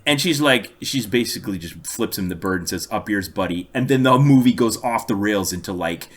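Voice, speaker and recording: A man's voice: fairly low pitch, lively intonation, a little fast. A man co-hosting a podcast, casually telling long stories with dry amusement. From United States. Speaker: podcast co-host. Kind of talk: casual chat, storytelling.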